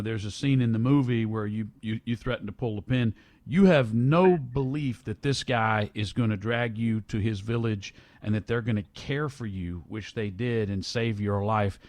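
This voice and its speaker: A man's voice: on the low side, darkish tone, dry recording. A man hosting a radio interview, asking probing, conversational questions. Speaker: radio host.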